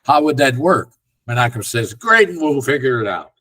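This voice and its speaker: Older guy, husky voice, telling a long showbiz story, does little voices for the people in it. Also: mid-range voice, normal speed, rough recording. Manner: animated storyteller who acts out quoted dialogue. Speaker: interview guest, film director. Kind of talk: casual anecdotal storytelling.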